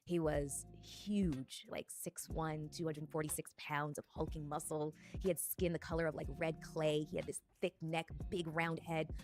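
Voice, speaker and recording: Low-voiced woman telling her story. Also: little pitch movement, darkish tone. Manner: reflective, dreamy, drawn-out phrasing. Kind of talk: personal storytelling. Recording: faint music underneath.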